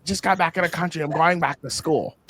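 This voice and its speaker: A man's voice: on the high side, fairly quick, a bit bright, slight background noise, voice pushed up, close to an everyday voice. A man imitating a brash young friend who puts on an English accent and sounds overly polite. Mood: apologetic. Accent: English, put on.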